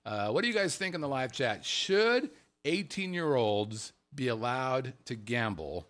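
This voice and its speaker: Male talk show host, lively swinging pitch, salty and animated, slips into voices for quotes. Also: a little slow. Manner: animated, swearing, acts out quotes in funny voices. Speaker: podcast host. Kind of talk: casual chat show talk. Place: Las Vegas.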